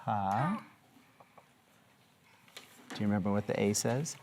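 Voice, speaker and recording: Really deep gravelly lady teacher, patient, stretches out the phonics rules with little kids. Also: lively intonation, background noise. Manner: patient, asks many questions, draws out phonics patterns slowly. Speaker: kindergarten teacher. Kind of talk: classroom reading lesson. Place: classroom with small children.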